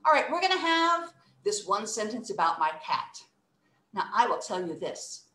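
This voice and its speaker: A woman's voice: medium pitch, very animated, moderate pace, pushed and bright, roomy sound. A woman teaching an English workshop, speaking expressively and acting out emotions and word stress. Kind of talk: online English lesson for children.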